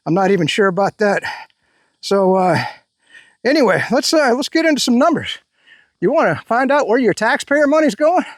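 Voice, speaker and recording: A man's voice: high voice, dry recording, studio quality. A man giving a ranting online commentary, angry and sarcastic, with a rambling delivery.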